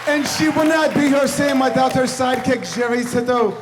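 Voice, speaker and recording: A man's voice: very high voice, moderate pace, over loud music, rough recording. A man giving a brash, rambling roast toast at a club party, laughing between his jokes. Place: banquet room with guests. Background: crowd laughing.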